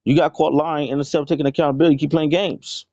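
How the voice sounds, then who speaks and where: A man's voice: a little high, steady tone, racing, darkish tone, no echo. A man hosting a live stream, scolding someone in an aggressive, profane, confrontational rant. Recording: dull lo-fi stream audio.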